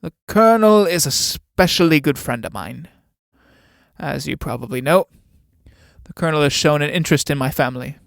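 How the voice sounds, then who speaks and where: A man's voice: a little high, vocal fry, no room sound, studio quality. Man reading an overbearing army captain. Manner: overbearing, patronizing. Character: domineering middle-aged male army captain.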